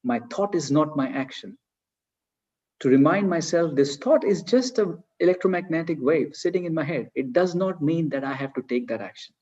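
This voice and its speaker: A man's voice: on the high side, expressive, moderate pace, darkish tone. Man coaching over a dull video call. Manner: earnest, advice-giving, acts out examples in quoted voices. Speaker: leadership coach. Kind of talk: online workshop talk.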